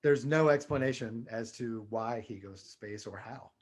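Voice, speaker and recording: A man's voice: mid-range voice, normal speed, a crowd in the background. Guy cohosting a podcast, dry wry jokes, casual. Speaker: podcast co-host. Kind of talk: casual chat.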